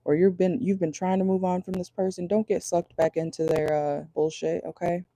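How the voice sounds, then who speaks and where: Mellow-voiced woman doing chatty tarot reading. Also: lowish voice, flat delivery, a little fast, dry recording. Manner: chatty, laughs often, blunt and crude. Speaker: tarot reader. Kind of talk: casual channeled tarot reading.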